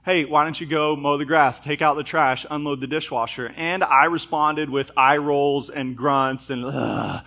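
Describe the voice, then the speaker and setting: Bright-voiced man in his thirties preaching. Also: a little high, steady tone, moderate pace, hardly any pauses. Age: 30s. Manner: conversational, self-deprecating storytelling with scripture reading. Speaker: pastor. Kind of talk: sermon. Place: church sanctuary.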